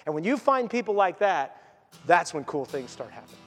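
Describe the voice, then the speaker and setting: Male pastor, earnest sermon, fairly high voice, echoing church hall. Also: big pitch swings, brisk, fairly bright tone, faint music behind. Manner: earnest preaching, voicing quoted speakers.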